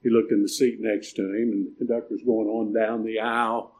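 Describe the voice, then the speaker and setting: An older man preaching a sermon, emphatic and building to loud, stressed points. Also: on the low side, level tone, brisk. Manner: emphatic preaching, swelling louder on key points.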